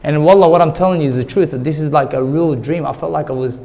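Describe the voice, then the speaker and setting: A man's voice: fairly high pitch, quick pace, mellow. A man, a former boxer, telling his life story candidly in an interview, acting out the dialogue of others with emotion. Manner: emotional, retells conversations in quoted dialogue. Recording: long hall reverb.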